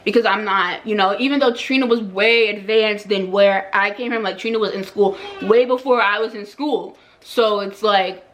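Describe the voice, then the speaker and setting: A woman's voice: medium pitch, fairly even intonation, normal speed, few pauses, a bit bright, a little hiss or hum. Chatty young woman telling a story. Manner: chatty, lots of "like" and repeats. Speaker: hairstylist and vlogger. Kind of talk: casual storytime.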